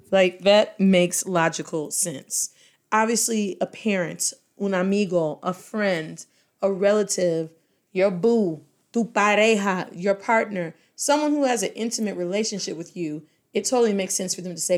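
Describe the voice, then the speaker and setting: A woman giving a casual, playful language lesson, explaining phrases with lively jumps in her voice for emphasis. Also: mid-range voice, moderate pace. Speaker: Spanish teacher.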